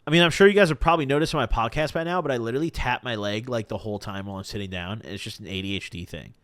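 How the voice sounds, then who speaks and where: Rapid-fire and medium-pitched, a young man hosts a podcast live stream, telling animated, profane stories thick with slang in a casual manner. The recording is dry and studio quality.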